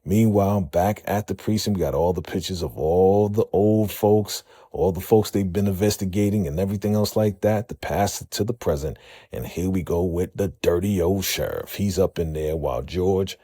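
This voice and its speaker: A man giving a casual episode recap, an animated storyteller who uses slang. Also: low voice, moderate pace, breathy edge, dry recording. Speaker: TV recap vlogger.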